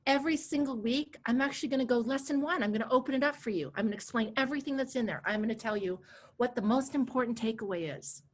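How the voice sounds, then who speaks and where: A woman in her forties teaching a live online coaching class over a video call, chatty and animated, laughing easily and repeating herself. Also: fairly high pitch, fast talker. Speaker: coach and course instructor.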